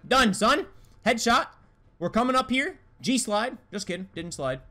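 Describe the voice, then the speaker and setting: A man's voice: very high voice, expressive, normal speed, bright, forceful tone. Hyped young man trash-talking through gameplay. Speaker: gaming YouTuber. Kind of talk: live gameplay commentary.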